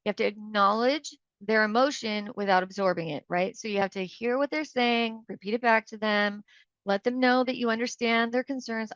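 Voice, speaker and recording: A woman with a fairly high voice talks listeners through how to handle phone calls. She keeps it casual and instructional, tossing in quick asides and acting out little exchanges. The sound is dry and a bit dull, with no room around it. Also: a bit bright, no echo. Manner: chatty, checks in with "right?" and "like"; acts out short phone exchanges in quoted voices. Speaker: real estate coach and podcast host. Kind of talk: live instructional talk.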